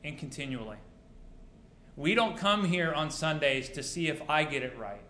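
A man's voice: a little high, fairly bright tone, a little hiss or hum. A male pastor preaching a sermon to his congregation, mixing rhetorical questions with dry humor. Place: church sanctuary. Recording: roomy church echo.

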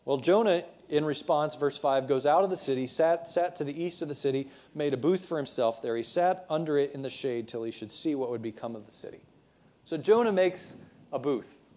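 A man's voice: a little high, fairly quick, darkish tone. A male preacher giving a sermon, retelling the story conversationally with frequent restarts.

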